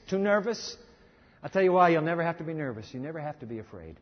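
Middle-aged guy preaching, emphatic and chatty, husky voice, muffled recording. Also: on the high side, sing-song, fast talker. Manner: emphatic, conversational preaching with restarts. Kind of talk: sermon. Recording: dull sound with long reverb of a hall.

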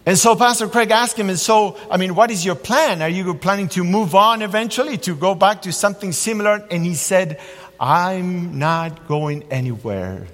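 A fairly high-voiced man delivers a sermon, shifting into lively storytelling as he preaches. His voice rings out with a long reverb from a large church hall. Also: moderate pace. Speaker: pastor.

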